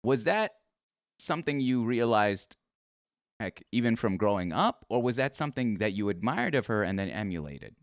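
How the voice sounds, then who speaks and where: A man's voice: fairly low pitch, big pitch swings, moderate pace, dry recording, clean studio sound. A man hosting a casual interview, reacting with playful enthusiasm and asking about family. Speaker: podcast host.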